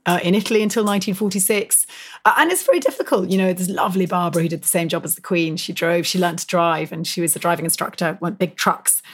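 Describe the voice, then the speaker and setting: A woman historian talking as an interview guest, telling stories in an animated, emphatic way full of fillers and quick self-corrections. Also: husky. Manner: animated, emphatic storyteller with frequent rises in pitch and loudness. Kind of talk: conversational interview storytelling.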